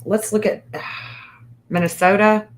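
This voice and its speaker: A woman hosting a casual livestream, reading an astrology chart aloud and thinking out loud in a hesitant, repetitive way. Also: mid-range voice, steady tone, slow pace.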